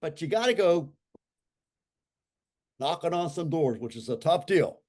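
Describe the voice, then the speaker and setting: Animated, emphatic man in his sixties. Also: a little high, unhurried. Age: 60s. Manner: animated and emphatic, repeats points for effect. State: recovering from a stroke. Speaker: interview guest. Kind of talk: casual conversational talk.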